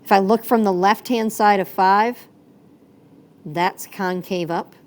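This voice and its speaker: A woman's voice: medium pitch, steady tone, slow. A woman teaching a math lesson in a chatty, playful way, correcting herself as she goes. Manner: chatty, self-correcting, playful sound effects.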